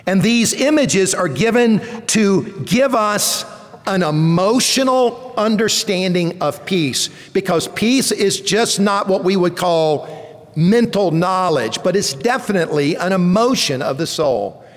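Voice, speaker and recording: A man's voice: high voice, animated, measured pace. A man, a pastor, preaching a sermon with emphatic swells on key words. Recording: long church reverb.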